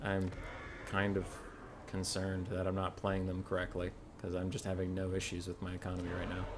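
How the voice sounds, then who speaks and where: A man's voice: low voice, completely flat delivery, brisk, noisy background. A man streaming a strategy game, chatting casually and joking with friends. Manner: laid-back, joking, laughs often. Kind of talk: casual gaming chat.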